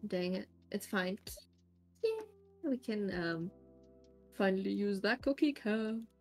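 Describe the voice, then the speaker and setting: Brief: woman streamer, relaxed and unhurried, gravelly edge, chatty with viewers, faint music underneath. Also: medium pitch. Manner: chatty, greets viewers by name and thinks aloud while setting up. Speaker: live streamer. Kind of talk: casual live-stream chat. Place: home streaming setup.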